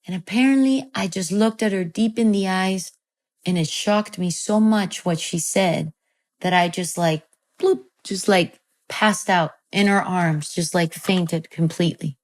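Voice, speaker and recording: Guesting on an interview show, a female director tells a story with casual, animated energy, full of fillers and free swearing, in a medium-pitched voice.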